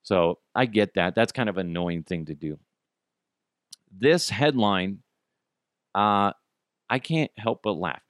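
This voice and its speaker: A man's voice: fairly low pitch, slow pace, pauses often, dry recording, clean studio sound. A man hosting a podcast, chatting casually about odd news with frequent laughs and profanity. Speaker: podcast host. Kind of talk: casual comedic commentary.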